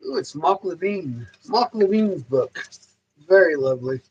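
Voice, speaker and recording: A man talks on his livestream in a loose, rambling way, repeating himself and swearing constantly. His voice sits high, and he swings it up and down with a lot of animation as he grumbles. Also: lively intonation, unhurried, breathy edge, muffled recording. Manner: profane, ranting, heavy swearing. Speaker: livestream host. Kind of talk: casual rambling livestream monologue.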